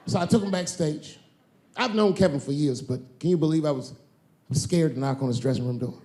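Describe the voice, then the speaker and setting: On a comedy stage before a live audience, a man tells a laid-back stand-up story, acting out the other voices in it. His voice sits on the high side with a dark tone and a quick pace, with slight background noise.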